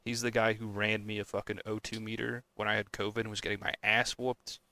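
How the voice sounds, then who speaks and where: A man's voice: on the low side, level tone, fairly quick, sharp tone. A young man co-hosting a podcast, chatting casually and ranting with frequent swearing and exasperated outbursts. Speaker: podcast co-host. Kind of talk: casual chat.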